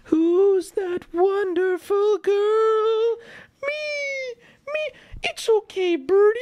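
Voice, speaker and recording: A man putting on a slow, cooing, sing-song puppet voice that soothes a little girl. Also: very high voice, darkish tone, voice pushed up, exaggerated voice.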